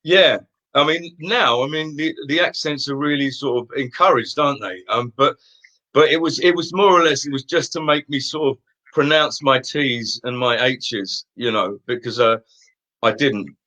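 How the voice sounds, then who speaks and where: A man's voice: medium pitch, moderate pace, pushed and bright. A man in his fifties with an Essex accent, chatting casually as an interview guest and telling rambling anecdotes. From Essex, England. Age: 50s. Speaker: stage singer and guest. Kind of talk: casual chat.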